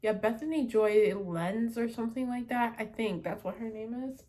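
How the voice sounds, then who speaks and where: A woman's voice: a little high, moderate pace, warm tone. A young woman chatting casually about a book she read, rambling with many fillers and restarts and giggling now and then. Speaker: book vlogger. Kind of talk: casual book review chat.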